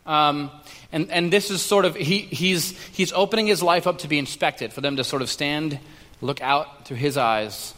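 A man's voice: a little high, steady tone, pushed and bright. Pastor, man, conversational sermon delivery with lots of restarts, long hall reverb. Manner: conversational, halting with many restarts and fillers.

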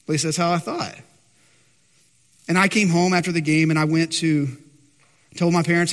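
A male pastor preaching a sermon, rising loud on his questions and dropping soft and low for his stories. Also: fairly even intonation, normal speed, long pauses, long reverb tail. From Texas, USA.

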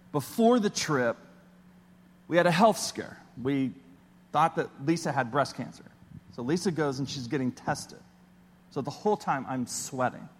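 A man preaching a sermon as a pastor, telling a personal story in an animated way and acting out his own panicked voice. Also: a little high, in a large hall, slight background noise.

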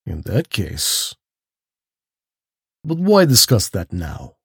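A man's voice: low-pitched, wildly swooping pitch, slow pace, creaky, fairly bright tone, husky, dry recording, studio quality, heavily acted. A man reading a storybook, voicing a suave, courtly aristocratic hunter with polished, genteel speech and a slight lift in his voice. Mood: silkily menacing.

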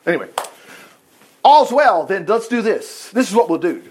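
A man reading a Bible story aloud and breaking off into animated, chatty asides and commentary. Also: sits high, moderate pace, a little hiss or hum. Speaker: Bible teacher.

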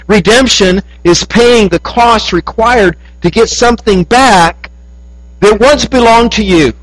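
A man preaching a sermon, telling a story that rises high and then drops soft. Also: no echo, poor audio.

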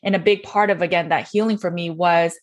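A woman's voice: lowish voice, fairly even intonation, brisk. A woman hosting an interview, speaking earnestly and with feeling about faith and hope. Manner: earnest and heartfelt. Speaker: interviewer, host. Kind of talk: faith-centered interview talk.

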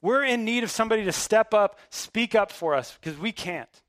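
Male pastor, high voice, dry close sound, relaxed but emphatic preaching. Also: moderate pace, dry recording. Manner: conversational, emphatic preaching with casual asides. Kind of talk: sermon.

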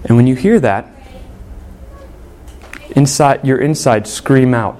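A man preaching a sermon, earnest and emphatic, with dramatic pauses on key words. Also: mid-range voice, very animated, mellow.

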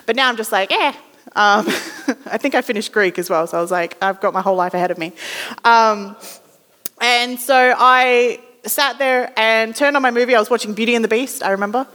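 A woman's voice: a little high, normal speed. Chatty young Australian woman in a hall. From Western Australia. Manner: chatty, self-deprecating, animated quoting. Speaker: ministry student preaching. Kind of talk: storytelling sermon. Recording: long hall reverb.

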